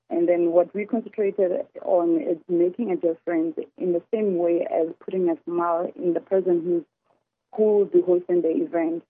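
A woman calling in to pitch her events business, steady and earnest. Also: husky. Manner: steady, earnest, long sentences. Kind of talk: live phone-in pitch. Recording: tinny phone line.

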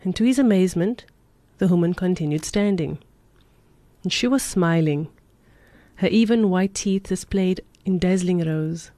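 A woman radio presenter narrating a motivational story in a steady, measured reading. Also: fairly low pitch, no room sound.

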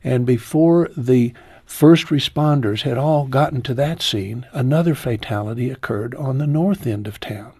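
A man in his sixties, a guest in an interview, telling a heartfelt personal story slowly, his voice falling low and soft at painful moments. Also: husky, no room sound.

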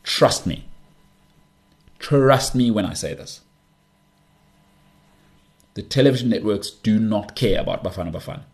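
A man hosting a sports talk show, giving emphatic, repetitive opinions in animated bursts. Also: lowish voice, moderate pace, long pauses. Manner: emphatic, repeats himself, animated rants. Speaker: podcast host.

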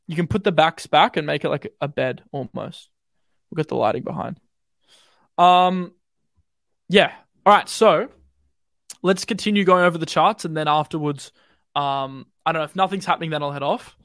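A man's voice: fairly high pitch, dry recording, studio quality. A young Australian man streaming live, rambling casually with lots of fillers while walking through trading charts. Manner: relaxed, rambling, quick and slangy with many fillers. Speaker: crypto streamer.

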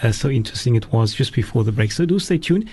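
A man's voice: medium pitch, animated, fast talker, darkish tone, slight background noise. A man from Africa, hosting a radio talk show in a hesitant manner with many fillers. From South Africa. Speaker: radio presenter. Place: radio studio.

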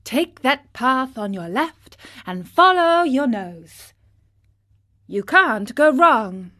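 A woman voicing a polite, calm male dolphin in a storybook reading, speaking in a courteous, measured way. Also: sits high, voice pushed up, full character voice.

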